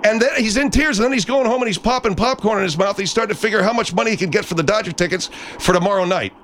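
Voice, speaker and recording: A man hosting a call-in radio show, cutting in with quick, incredulous questions. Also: high voice, fairly bright tone, a little hiss or hum. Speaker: radio talk show host.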